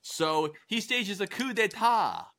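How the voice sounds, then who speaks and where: Casual history podcast guy, bright voice, jumps into silly character voices while he tells the story. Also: sits high, slow pace, creaky. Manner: animated storyteller, acts out historical figures in goofy voices. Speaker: podcast host. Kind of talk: casual comedic history chat.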